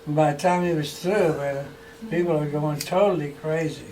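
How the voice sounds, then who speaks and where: A man telling funny stories about an old friend in a relaxed chat, chuckling and acting out the quotes. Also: a little high, normal speed. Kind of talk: casual anecdotal storytelling. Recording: distant mic with faint background noise.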